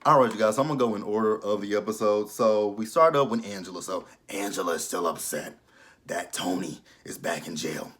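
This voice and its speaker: A man, casually reviewing a reality show in a joking, profane, animated way. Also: lowish voice, fairly quick.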